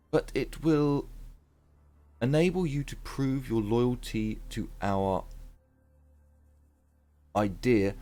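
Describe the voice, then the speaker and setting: A man reading the lines of a calm, persuasive woman cult leader from a video game in an earnest, coaxing way. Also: medium pitch, close to an everyday voice.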